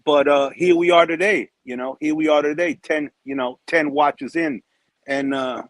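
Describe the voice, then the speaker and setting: Male guest, higher voice, repetitive emphatic chat. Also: fairly even intonation, no room sound. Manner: halting, repeats words, emphatic. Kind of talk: casual livestream chat.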